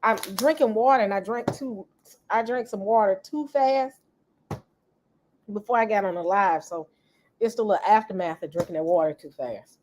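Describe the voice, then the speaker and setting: A woman's voice: mid-range voice, moderate pace, a little mellow, a little hiss or hum. A middle-aged woman, hosting a laid-back livestream and greeting viewers as they join. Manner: greets viewers repeatedly, laid-back, coughs now and then. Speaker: livestream host. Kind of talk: casual livestream chat.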